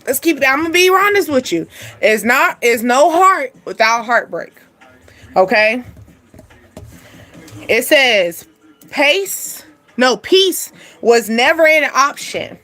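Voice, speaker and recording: A young woman with a high, bright-sounding voice talks through a spiritual card reading in a loose, chatty way. She laughs easily and drops slang as she goes, keeping it animated and personal. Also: takes it slowly, pauses often. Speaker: spiritual reading channel host.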